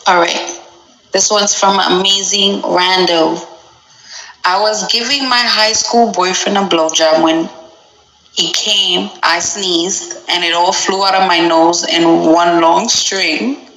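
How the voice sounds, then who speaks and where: A woman's voice: fairly low pitch, fairly even intonation, slow pace, sharp tone. A woman hosting a podcast, chatting casually and frankly while reading out listener stories. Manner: blunt, frank, laughs often. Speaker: podcast host. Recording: roomy echo.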